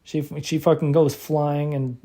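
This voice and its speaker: A man retells a film's plot in a loose, rambling way, swearing constantly and stumbling over restarts. His voice sits a bit high but sounds soft and mellow. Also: flat delivery, a little slow. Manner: profane, rambling, many restarts and fillers; laughs while retelling. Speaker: movie reviewer. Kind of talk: casual rambling movie recap.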